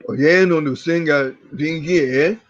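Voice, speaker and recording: A man's voice: on the high side, slow, no echo, muffled recording. A man reading practice sentences aloud in an online language class, careful and hesitant. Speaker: student.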